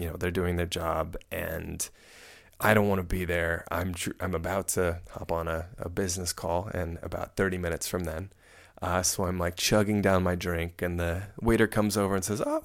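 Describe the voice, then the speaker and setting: A young man with a low, gravelly voice tells a story from his travels in a loose, rambling way. He pokes fun at himself and often laughs as he goes. His delivery stays casual and conversational. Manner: rambling, self-mocking, laughs through the telling. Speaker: traveler recounting a trip.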